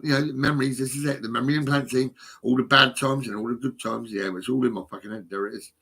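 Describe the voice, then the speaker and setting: A man's voice: medium pitch, steady tone, fast talker, creaky, hardly any pauses, bright, forceful tone, breathy edge. A middle-aged man, talking to his phone in a rambling, profane, agitated monologue that swings between mumbles and outbursts. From England. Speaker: vlogger.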